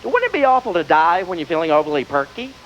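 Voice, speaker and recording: High, lively Southern comedian. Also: male voice, fast. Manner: wry, punchy delivery with acted asides. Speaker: stand-up comedian. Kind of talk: stand-up comedy. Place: large music hall stage. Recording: dull VHS tape with audience noise. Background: live audience laughter.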